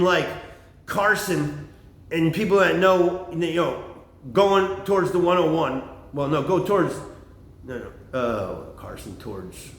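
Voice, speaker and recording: A man's voice: high voice, a bit bright. A middle-aged man telling a meandering, profane story in a casual monologue, drifting off on tangents, recorded on a phone. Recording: echoey room.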